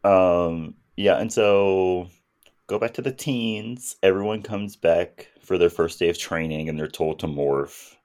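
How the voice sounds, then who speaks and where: A man's voice: sits low, unhurried, a little mellow. A man co-hosting a podcast, casually recapping a movie's plot and acting out its characters' lines. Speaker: podcast co-host.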